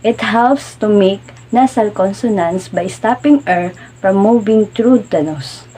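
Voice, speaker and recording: A woman's voice: medium pitch, measured pace, mellow, slight background noise, poor audio. A woman continuing a classroom lecture, reading definitions plainly. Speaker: student teacher.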